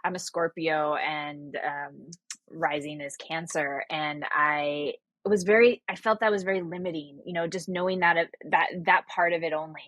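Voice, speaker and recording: A woman speaking as a podcast guest, talking in a reflective, measured way. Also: low-pitched, steady tone, fairly bright tone, dry recording. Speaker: interview guest. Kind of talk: casual conversational interview.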